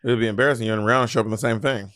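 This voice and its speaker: A man's voice: medium pitch, steady tone, rapid-fire, a bit bright, no room sound, studio quality. A man co-hosting a podcast, chatting casually and teasing his co-host with jokes. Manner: teasing, joking, talks with hands. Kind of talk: casual chat.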